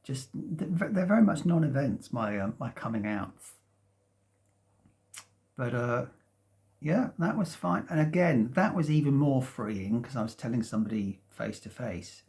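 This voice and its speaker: A man in his fifties tells a long, meandering story from his sofa at home. His voice has a gravelly edge and sits at an ordinary pitch. He talks hesitantly, restarting phrases and breaking into soft chuckles. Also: lively intonation, measured pace. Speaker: vlogger. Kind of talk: casual rambling storytelling. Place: at home, sitting in a sunlit room.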